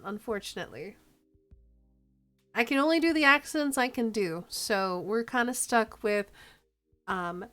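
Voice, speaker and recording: A woman streamer chatting casually with her viewers during a game, playful and quick to laugh. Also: on the high side, sharp tone.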